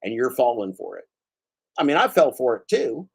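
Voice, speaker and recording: A man's voice: mid-range voice, very animated, moderate pace, vocal fry, a little mellow, breathy edge. A man hosting his own channel, delivering a heated, profane rant and calling out a commenter by name. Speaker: channel host. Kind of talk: angry spoken rant.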